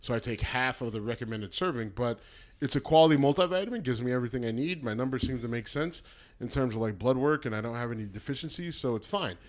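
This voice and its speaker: A man's voice: mid-range voice, animated, fast talker. Guy cohosting a podcast, blunt, swears a lot, easygoing chat. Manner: blunt, crude jokes. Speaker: podcast co-host. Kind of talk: casual chat.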